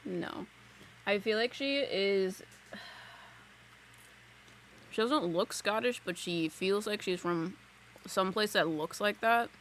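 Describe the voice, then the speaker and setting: Woman, casual live-stream chat, psychic reading, lots of filler words, giggly, mid pitch. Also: measured pace, fairly bright tone, a little hiss or hum. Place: home room at a desk. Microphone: desk mic on a live stream.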